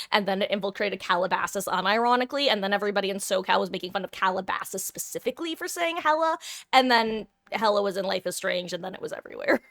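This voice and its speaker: A woman's voice: medium pitch, fairly bright tone, dry recording, studio quality. A young adult woman from Southern California, streaming and chatting casually with viewers in a rambling, self-deprecating way with casual swearing.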